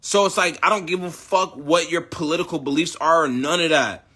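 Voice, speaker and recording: A man's voice: on the high side, a little fast, bright, forceful tone. A young man from the United States ranting in a casual, rambling, heavily profane way. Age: young adult. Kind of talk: casual rant.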